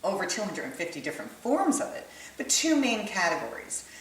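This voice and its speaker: A woman's voice: medium pitch, wildly swooping pitch, a little fast, slight background noise. A woman teaching holistic kinesiology in a conversational way, often checking in with her listeners as she explains. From United States. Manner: conversational, checks in with "right?" and "okay?". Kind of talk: explanatory lesson to camera. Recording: echoey room, voice from a distance.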